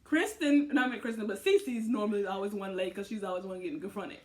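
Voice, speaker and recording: A woman co-hosting a casual TV recap, animated and acting out what others said. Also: fast talker. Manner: animated, acts out quotes in high voices. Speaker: podcast co-host.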